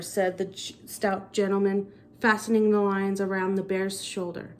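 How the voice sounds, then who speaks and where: A young adult woman reading a storybook aloud in a relaxed, unhurried way. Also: mid-range voice. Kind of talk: casual read-aloud narration.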